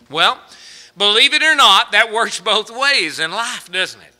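A man preaching a sermon, his voice high and very bright. He tells jokes and stories between scripture, swinging from loud emphatic lines down to quiet asides. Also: animated, a little slow. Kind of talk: sermon with humorous anecdotes.

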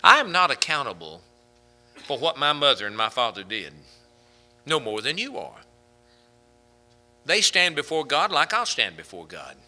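A man's voice: medium pitch, sing-song, moderate pace, long pauses, sharp tone. A man preaching a sermon from the pulpit, rising to fervent, emphatic peaks as he drives his points home. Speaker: pastor.

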